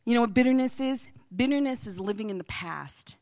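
A woman preaching a sermon as a missionary speaker, telling stories with animation and dropping into hushed whispers. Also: mid-range voice, animated, a little fast, few pauses.

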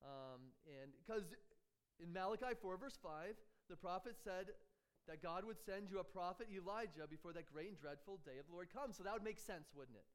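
Male preacher, high voice, conversational sermon delivery full of rhetorical questions and light chuckles. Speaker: pastor.

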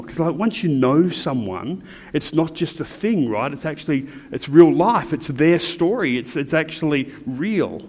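A middle-aged man in church leadership, speaking reflectively and haltingly, with many pauses and restarts. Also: on the high side, expressive, a little mellow, in a large hall, a little hiss or hum. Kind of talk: reflective personal talk.

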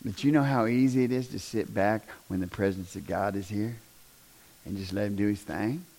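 A man preaching a sermon, folksy and repetitive, swinging from shouts down to near-whispers. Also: on the low side, normal speed. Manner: folksy, repeats "do you understand".

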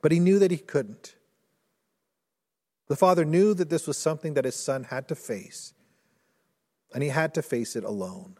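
A male pastor preaching a sermon in earnest, rising to intense storytelling and dropping low and soft. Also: normal speed, pauses often. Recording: long hall reverb.

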